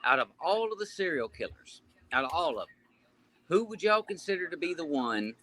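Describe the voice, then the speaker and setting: Sex: man. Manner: bright, rambling, on a video call. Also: on the high side, very animated, a little fast. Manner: rambling, folksy phrasing. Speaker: podcast co-host. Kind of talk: casual chat.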